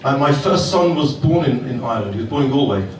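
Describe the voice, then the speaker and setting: Cheeky comedy club host, echoey and distant. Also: male voice, mid-range voice, animated, fast. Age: middle-aged. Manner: cheeky, crowd-working, swears freely. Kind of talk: stand-up comedy. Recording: echoey club from far off, noisy.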